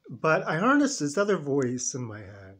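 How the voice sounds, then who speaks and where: A man's voice: fairly high pitch, wildly swooping pitch, moderate pace, fairly bright tone. A man in his fifties telling an emotional personal story in a rambling, heartfelt vlog. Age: 50s. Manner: emotional, rambling, talks to himself in quoted voices. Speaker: vlogger.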